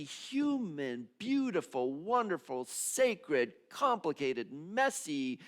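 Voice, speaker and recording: A male minister giving a sermon in a conversational, expressive way, moving between hushed moments and emphatic ones. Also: medium pitch, unhurried. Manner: conversational, with restarts and repeated phrases.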